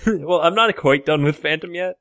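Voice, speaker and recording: A man co-hosting a casual chat podcast, wry and playful and quick to laugh. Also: fairly high pitch, fairly bright tone, no echo, studio quality. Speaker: podcast co-host.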